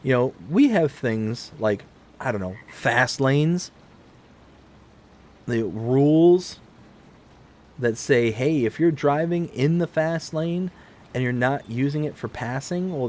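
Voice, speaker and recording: A man in his forties from Michigan, chatting casually on a live stream while he plays a farming game, rambling and jumping up in pitch when excited. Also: unhurried. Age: 40s.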